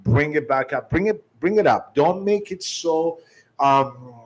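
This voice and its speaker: A man's voice: on the high side, animated, measured pace, poor audio. Emphatic man giving sales training. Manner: emphatic, shifts tone and volume to demonstrate; restarts often.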